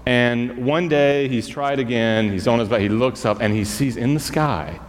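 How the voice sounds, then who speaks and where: A man preaching as a school chaplain, relaxed and conversational, dropping fillers and talking straight to the pews. His voice sits at an ordinary middle pitch. It rings out with a long church reverb. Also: normal speed. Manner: casual, conversational, with fillers and asides to the congregation. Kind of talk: storytelling sermon.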